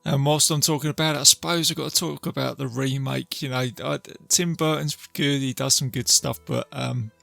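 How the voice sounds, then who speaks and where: Gravelly, bright-toned man recapping a film. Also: medium pitch, fairly even intonation, normal speed, few pauses, no echo, soft background music. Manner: rambling retelling with fillers and restarts. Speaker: podcast host.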